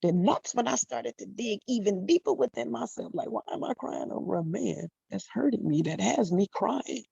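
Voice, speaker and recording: A woman's voice: medium pitch, animated, moderate pace, gravelly, few pauses, mellow, husky, dry recording. Blunt, emphatic woman life coach. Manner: emphatic, repeats phrases, laughs often, blunt with swearing. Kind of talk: motivational monologue. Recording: dull dry lo-fi recording.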